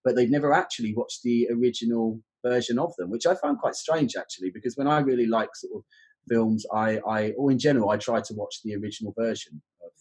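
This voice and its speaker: A man's voice: medium pitch, fast talker, darkish tone, husky, low-quality recording. A man, a podcast guest who explains exam teaching in a reflective, conversational way.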